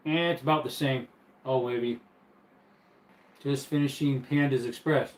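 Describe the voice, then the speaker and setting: A man's voice: mid-range voice, fairly even intonation, measured pace, pauses often, echoey room, poor audio. A man casually hosting a live stream from his bedroom, easygoing and chatty as he reads viewer comments and laughs often. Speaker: livestream host.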